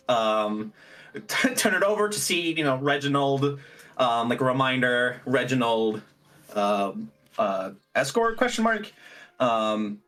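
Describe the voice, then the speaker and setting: Brief: giggly player narrating, lively pitch. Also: far from the mic. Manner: giggly, scattered. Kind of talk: describing a character's actions.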